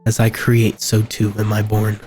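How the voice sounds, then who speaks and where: A man reading a horror game aloud, with quiet reactions between passages, over game music. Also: on the low side. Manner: slow, flat narration with quiet reactions. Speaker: gameplay video host.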